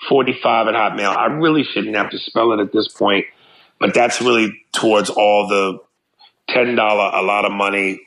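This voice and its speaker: A man's voice: medium pitch, unhurried, a bit bright, low-quality recording. A man co-hosting a podcast in loose, joking, profane casual chat. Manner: loose, profane, jokey banter. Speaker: podcast co-host.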